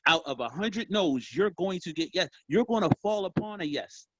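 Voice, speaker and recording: Man giving a lively sales coaching talk. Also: sits high, moderate pace, no room sound, dull audio. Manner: animated, casual, addresses group as y'all. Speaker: sales trainer. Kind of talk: motivational training talk.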